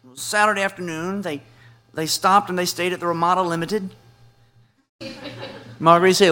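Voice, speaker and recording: A man telling a long comic story on stage in an animated, playful way. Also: sits high, moderate pace, long pauses, a little hiss or hum. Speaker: comedian. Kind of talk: stand-up storytelling.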